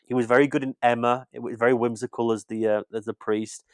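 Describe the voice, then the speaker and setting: A man's voice: medium pitch, level tone, quick pace, no room sound, clean studio sound. A British man in casual podcast chat, rambling and restarting his sentences as he talks about film. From Britain. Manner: rambling, repeats words and restarts. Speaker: podcast co-host, film critic.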